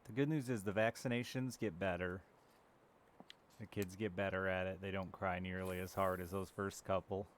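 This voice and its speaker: A man in his thirties streams a game and chats casually and candidly with his live viewers, swearing now and then. His voice is low and steady at a moderate pace, with slight background noise.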